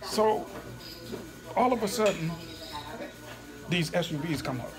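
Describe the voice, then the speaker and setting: A man, a comedian, telling an animated story in an interview after a show, acting out voices and laughing often. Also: fairly high pitch, normal speed, long pauses, music in the background. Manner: lively, acts out quoted voices, laughs often. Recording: busy crowd noise behind.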